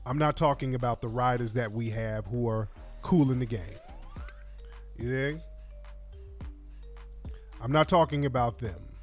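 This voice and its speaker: A man's voice: mid-range voice, measured pace, long pauses, faint music behind. A man hosting a radio show, giving blunt, slangy commentary. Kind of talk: commentary over played clips.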